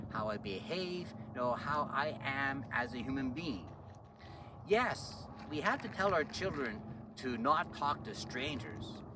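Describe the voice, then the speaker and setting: Earnest pastor on a street walk. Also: male voice, on the high side. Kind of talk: sermon-style reflection, then a joke. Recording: distant mic with street traffic.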